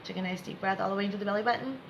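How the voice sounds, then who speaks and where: A woman's voice: medium pitch, very fast, gravelly, highs cut off, background noise. A woman giving a live spiritual lesson, repeating herself to encourage viewers and laughing often. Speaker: spiritual teacher.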